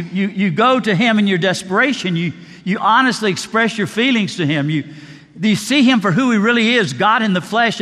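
A man's voice: high voice, a bit bright, long reverb tail. A middle-aged male pastor preaching a sermon, telling a story and acting out the dialogue. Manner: storytelling, acts out quoted dialogue.

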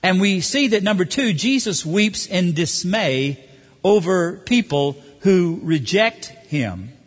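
A man preaching a sermon, animated, acting out the voices of the people he quotes. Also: high voice, slow. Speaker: pastor. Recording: hall reverb.

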